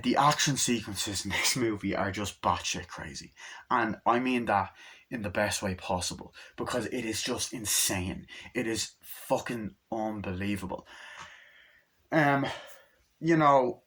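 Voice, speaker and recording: Excited young man rambling about a movie. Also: on the low side. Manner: excited, swears a lot, acts out scenes with quick voices. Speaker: movie reviewer. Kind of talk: casual rambling movie review. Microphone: phone.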